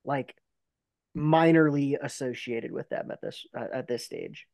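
A young man co-hosting a sports podcast, blunt and quick to swear. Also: medium pitch, animated, creaky, a little mellow, no room sound. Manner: blunt, swears, exasperated jabs. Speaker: podcast co-host. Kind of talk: casual sports chat.

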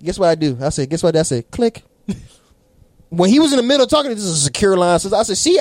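A man telling a story in casual chat, animated and swearing, acting out the people in it. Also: high-pitched, quick pace, no room sound. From South Carolina. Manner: animated, swearing, mimics people in his stories.

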